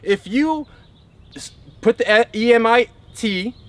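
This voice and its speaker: A man's voice: extremely high pitch, expressive, a little slow. A man giving an emphatic spiritual teaching talk who keeps checking in with his listeners.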